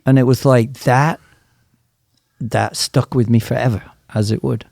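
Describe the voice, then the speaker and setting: A man's voice: medium pitch, steady tone, a little slow, creaky, darkish tone, no echo, clean studio sound. A man telling a story in a casual chat as a guest racing driver, earnest and quoting others in dialogue.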